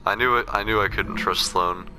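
A young man giving casual, excitable gameplay commentary and talking playfully to game characters. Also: on the low side, normal speed, a little hiss or hum. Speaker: gaming commentator.

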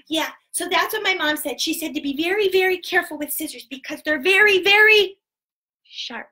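A chatty little girl with very long hair tells her tale in a very high, bright, sparkling voice, as a woman puts her on. She is dramatic and giggly, squealing at the big moments and dropping to hushed whispers for secrets. It is a playful storybook kids' character. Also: animated, normal speed, heavily acted. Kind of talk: children's storytelling live stream.

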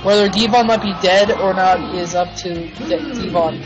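Over music, a simulated wrestling show's host swears and rants in frustration as he commentates on the play. The voice is medium-pitched at normal speed, and the recording is dull and lo-fi.

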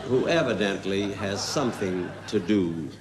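A man telling a slow, deadpan comic story as a guest comedian on a TV variety show, full of pauses and asides. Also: lowish voice, a loud crowd. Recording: hissy 1970s TV broadcast recording.

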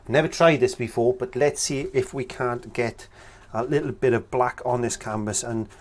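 A man, talking through a painting tutorial in a relaxed, chatty way as he works. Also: medium pitch, moderate pace. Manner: relaxed, chatty, talks while working. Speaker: painting instructor.

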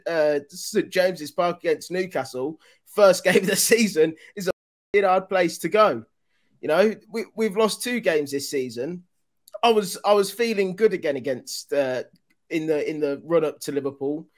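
A man, chatting casually and a little self-deprecating as a podcast guest. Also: sits high. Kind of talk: casual chat.

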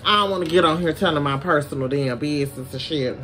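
A woman's voice: sits low, fast talker, a bit bright. A woman from Detroit with a Southern US twang, a little tipsy, chatting casually and profanely to her viewers while unboxing a beauty package. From Detroit, USA. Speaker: beauty vlogger.

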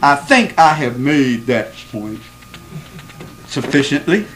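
A man's voice: medium pitch, very animated, takes it slowly, fairly bright tone, poor audio. A man giving a classroom lecture to a live audience, speaking with emphasis, quizzing the listeners and repeating points to stress them.

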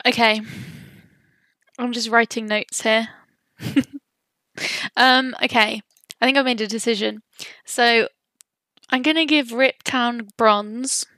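A woman's voice: fairly high pitch, steady tone, slow pace, long pauses, sharp tone, dry recording. A woman, a guest on a podcast, chatting casually, giggling and teasing herself. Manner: giggly, self-deprecating.

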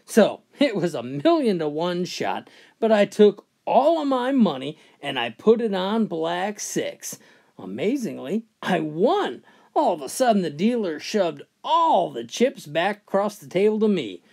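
A man narrating a funny joke story in an animated storytelling manner. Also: high voice, unhurried, creaky. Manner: animated, swooping storyteller delivery. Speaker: joke teller.

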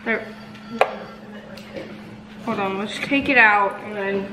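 A woman's voice: mid-range voice, slow, noisy background. A young woman bantering with her mother and giving directions while building something at home. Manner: bossy, bantering. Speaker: daughter. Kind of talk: casual family chat. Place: home, indoors. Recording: echoey room, music behind.

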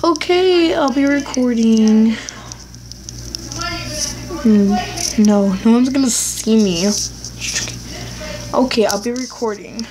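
A woman with a fairly high voice chats through a game recording at an unhurried pace. She rambles, talks to herself and speaks bluntly, and a faint hiss sits under her voice. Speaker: gaming YouTuber. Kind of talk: casual gameplay commentary.

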